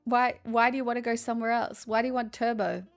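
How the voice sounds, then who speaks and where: A woman's voice: fairly high pitch, little pitch movement, quick pace, faint music behind. An Australian woman hosting a casual live stream, chatting with viewers in a sarcastic, self-deprecating way. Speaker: livestream host.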